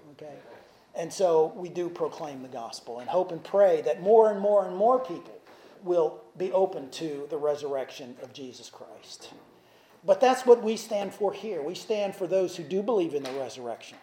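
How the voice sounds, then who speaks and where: A man's voice: sits high, mellow. Conversational preacher man in echoey hall. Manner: conversational preaching with asides and restarts. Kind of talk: sermon. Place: church sanctuary.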